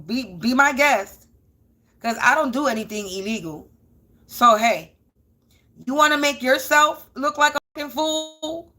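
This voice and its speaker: Woman, spiritual energy reader, higher voice, blunt, cursing, emphatic repeats. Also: measured pace, sharp tone. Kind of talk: casual spiritual reading monologue.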